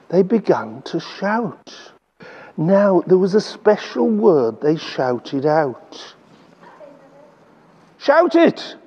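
An English-accented man runs an energetic Bible talk for children, coaxing them along and stretching his words out slowly. His voice sits high and sounds a little rough, and the audio is dull.

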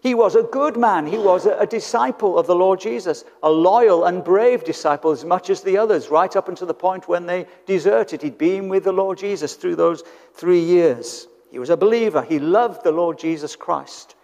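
A man's voice: high voice, moderate pace, darkish tone. A British man preaching a sermon in church, conversational and fond of rhetorical tag questions. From Britain. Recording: church hall with long reverb.

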